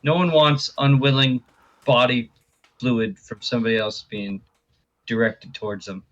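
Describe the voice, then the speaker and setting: A man co-hosting a casual sports chat, relaxed and chatty. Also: mid-range voice, a little slow, muffled recording. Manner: relaxed, chatty, says "you know". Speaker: podcast co-host.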